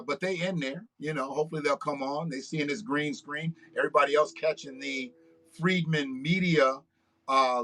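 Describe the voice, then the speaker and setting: A man's voice: on the high side, pushed and bright. A man hosting an unscripted livestream monologue in front of a green screen, talking in an emphatic, profane, preachy rant. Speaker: livestream host.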